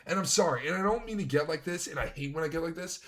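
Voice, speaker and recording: A man with a slightly high voice vents furiously in a reaction stream. He swears freely and pushes his points hard. His talk is heated, blunt commentary. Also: expressive, fast, a bit bright. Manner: angry, profane ranting.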